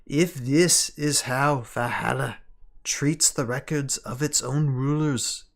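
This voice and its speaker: A man's voice: mid-range voice, vocal fry, fairly bright tone. Man voicing a grave outcast elf scholar. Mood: solemn lament. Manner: slow, grave dramatic reading. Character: male elf scholar, outcast, mournful and solemn.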